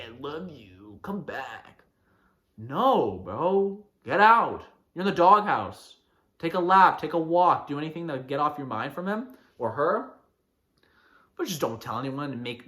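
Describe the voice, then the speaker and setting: A man's voice: a little high, bright, forceful tone. A man hosting a podcast, ranting and mocking in a casual, fired-up monologue. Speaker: podcast host.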